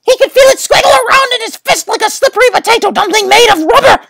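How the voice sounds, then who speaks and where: Brief: woman storybook reader, gravelly, animated delivery. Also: very high-pitched, quick pace, no echo. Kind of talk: reading a picture book aloud.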